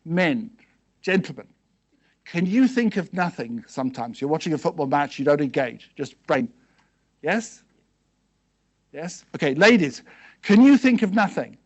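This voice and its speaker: A man giving a seminar talk to a live audience, asking them quick questions and checking in with "okay" and "yes?" as he goes. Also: on the high side, big pitch swings. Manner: conversational, peppered with "okay" and "yes?". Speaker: seminar speaker.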